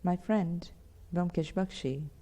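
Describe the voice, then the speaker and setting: A woman's voice: fairly low pitch, slow, mellow. A woman voicing an earnest young man in an audiobook, asking polite, probing questions. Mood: inquisitive.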